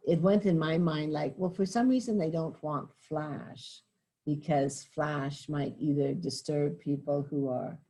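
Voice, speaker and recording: A woman's voice: low voice, dark tone, breathy edge. An older woman teacher who tells a rambling story with self-corrections and chuckling asides, then reads poetry aloud to a class. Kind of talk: lecture and reading poetry aloud.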